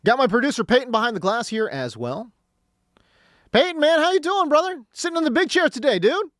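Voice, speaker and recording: A man hosting a sports talk radio show from a studio, excitable and quick to laugh, swinging between loud bursts and low asides. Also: no room sound. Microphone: studio mic.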